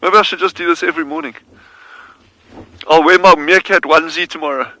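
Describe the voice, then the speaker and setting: A man talking viewers through a live wildlife watch outdoors, easygoing and quick to laugh. His voice is very bright and sits a little high for a man. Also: steady tone, no room sound, low-quality recording. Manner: easygoing, chatty, laughs readily. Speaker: wildlife guide. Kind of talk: live safari broadcast. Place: outdoors near meerkat burrows.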